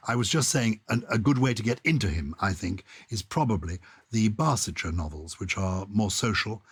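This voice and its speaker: An older Englishman co-hosts a podcast about words, talking with enthusiasm and often restarting his sentences. His voice sits low and husky. The sound is dry and close. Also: expressive, normal speed, dry recording. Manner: enthusiastic, chatty, with frequent restarts. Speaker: podcast co-host. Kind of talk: casual conversation about words.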